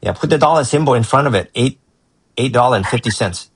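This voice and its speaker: A man's voice: medium pitch, animated, fast, slightly rough, no echo, poor audio. A man tutoring math and going over a student's work, encouraging and rambling, often restarting his sentences.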